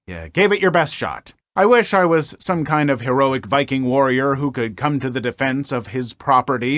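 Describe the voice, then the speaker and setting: A man narrating online stories in a wry, conversational way with an animated delivery. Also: fairly high pitch, no room sound, studio quality. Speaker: story narrator.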